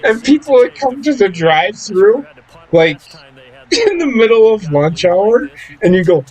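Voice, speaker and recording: A man's voice: high-pitched, big pitch swings, measured pace, a little mellow, poor audio. A young man chatting casually while gaming, telling profane stories and laughing often. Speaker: gaming streamer. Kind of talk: casual chat.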